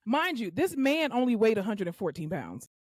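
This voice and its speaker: A young adult woman co-hosting a podcast, telling a work story in casual chat and acting out the quotes with loud swearing. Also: on the high side, big pitch swings, normal speed, dry recording. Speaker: podcast co-host.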